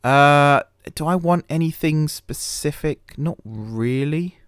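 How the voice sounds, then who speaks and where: Taking it slowly, a gaming channel host chats casually over a management game, wandering off topic, ribbing himself, and using plenty of fillers and restarts. His voice is a little high with a clean tone, recorded dry at studio quality.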